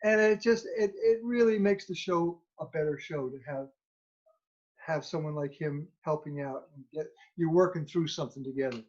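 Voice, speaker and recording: A man telling an animated anecdote as a children's musician, acting out the dialogue as he goes. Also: on the high side, normal speed. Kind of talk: storytelling anecdote. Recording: dull lo-fi recording.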